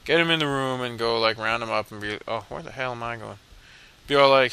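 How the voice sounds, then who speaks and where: A man narrates his own game playthrough in a loose, rambling way, full of fillers and irreverent asides. His voice is bright and has some edge to it. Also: mid-range voice, brisk, clear, resonant tone. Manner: rambling, mumbling, lots of fillers; joking, irreverent. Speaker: video game commentator. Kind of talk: casual let's play commentary.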